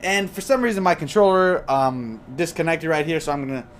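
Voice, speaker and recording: A young man rambles casually through viewer questions as he comments on gameplay, filling his talk with ums and likes. His voice sits a touch on the high side, and a faint hiss runs under the desktop mic. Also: lively intonation, a little fast. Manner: rambling and chatty, with many fillers. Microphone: desktop USB microphone.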